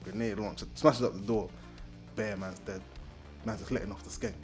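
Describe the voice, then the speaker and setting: A young man retelling a film in heavy slang, animated and jumping into loud character voices. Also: fairly low pitch, moderate pace, soft background music. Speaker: film recap host. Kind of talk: comedic slang-heavy movie recap.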